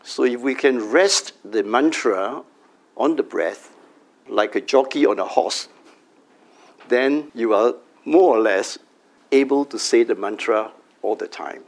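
Middle-aged man, meditation teacher type, gravelly voice with fry, calm measured delivery, drawn-out chanting. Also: mid-range voice. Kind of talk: meditation workshop talk. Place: company workshop room.

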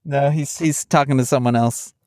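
A man's voice: mid-range voice, steady tone, normal speed, a little mellow, no echo, clean studio sound. A man co-hosting a podcast over a remote call from inside his parked car, teasing and laughing. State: dehydrated. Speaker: podcast co-host. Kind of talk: casual chat.

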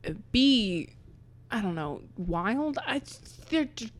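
A woman's voice: a little high, sing-song, slow. A woman co-hosting a comedy podcast, improvising a story in a blunt, playful manner with lots of swearing. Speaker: podcast co-host.

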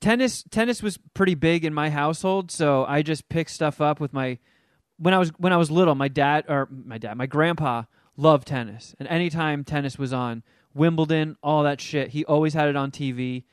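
A man's voice: on the high side, normal speed, smooth, no room sound, studio quality. A man chatting casually about a movie he watched, swearing freely and slipping into mocking voices as he retells scenes. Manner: profane, animated, does mocking voices in quotes. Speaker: podcast co-host reviewing a movie. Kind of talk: casual chat.

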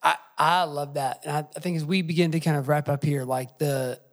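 Male podcast host, gravelly, reflective storyteller, reverberant room. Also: fairly high pitch, steady tone, brisk. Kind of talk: conversational podcast interview.

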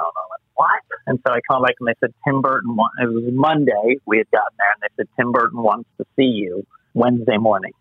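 A man telling animated stories as an interview guest, acting out the voices he quotes. His voice comes through slightly husky and very dry, with no room around it. It sounds squeezed into a narrow, phone-like band. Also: medium pitch, no echo. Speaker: actor guest. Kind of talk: casual interview anecdotes. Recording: muffled phone-line sound.

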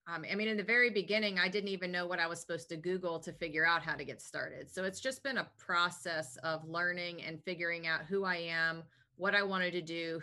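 With a fairly low pitch and a sharp tone, a woman responds to casual interview questions about her health business. She's lively and upbeat, talking plenty and brimming with enthusiasm.

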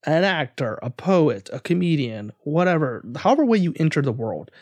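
A man co-hosting a podcast, talking in an animated, emphatic way. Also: fairly high pitch, moderate pace, no echo. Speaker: podcast co-host. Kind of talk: casual podcast discussion.

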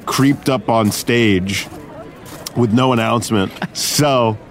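A man's voice: mid-range voice, takes it slowly, slight background noise. Man, thirties, podcast host, casual comedic storytelling, profane, lots of "like". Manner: animated, profane, filler-heavy, laughs often.

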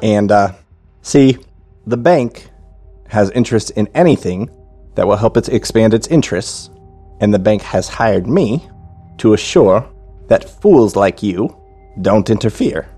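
A man's voice: fairly low pitch, animated, warm tone, husky, faint music behind. A man voicing a boastful, menacing male assassin in a tabletop game, speaking in a put-on accent. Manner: slow, threatening drawl in a put-on accent.

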